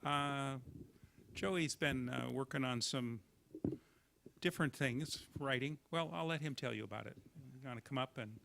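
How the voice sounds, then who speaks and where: A man hosting an open mic, introducing the next performer in a halting, casual way. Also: medium pitch, creaky, fairly bright tone, slight background noise. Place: small live venue.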